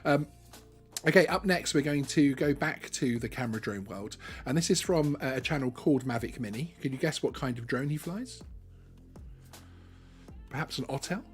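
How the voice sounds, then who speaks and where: A man's voice: mid-range voice, animated, normal speed, faint music behind. A man hosting a live stream, talking casually with many ums and restarts. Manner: chatty, lots of ums and restarts.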